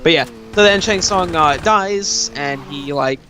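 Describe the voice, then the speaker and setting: A man's voice: fairly high pitch, a little slow, sharp tone, soft background music. A young man hosting a gaming video, rambling casually as he retells movie scenes. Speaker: let's play host. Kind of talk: casual gameplay commentary.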